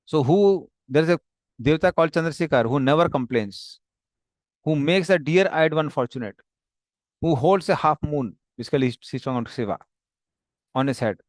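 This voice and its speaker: Man, scripture teacher, halting with restarts, dry close sound. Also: a little high, animated, no room sound. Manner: halting, many fillers and restarts. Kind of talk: explaining a text, paraphrasing dialogue.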